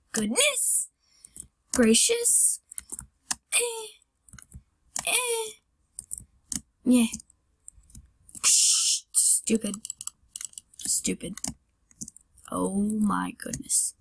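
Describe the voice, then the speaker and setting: A fairly high, creaky, slightly bright voice belongs to a young woman hosting her gaming channel, and the audio carries a little hiss or hum. She gives loose, self-mocking commentary on a parkour game, yelping at her failures as keys clack behind her.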